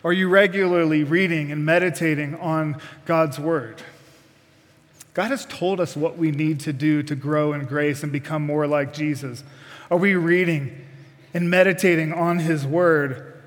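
A man's voice: fairly high pitch, steady tone, measured pace, long reverb tail. A man preaching a sermon, putting direct questions to the congregation with folksy asides.

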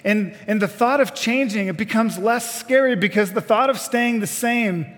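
A man's voice: sits high, moderate pace, a bit bright, big-room sound. A man preaching a sermon, putting direct questions to the congregation with folksy asides.

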